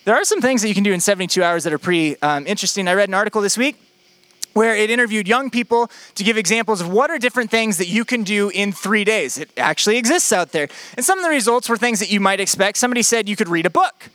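A young male pastor delivers a sermon in a light, high-pitched voice, moving between scripture and casual personal anecdotes. He leans on repetition to drive each point home. The sound is dry and close, with no room echo. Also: lively intonation, fast talker, a bit bright. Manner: conversational storytelling with emphatic repetition.

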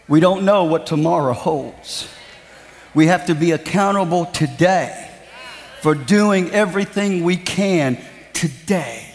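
A man with a Southern American accent, a television evangelist preaching and appealing for support in a fervent, shouting manner. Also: on the high side. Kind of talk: sermon and fundraising appeal. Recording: reverberant hall, faint crowd.

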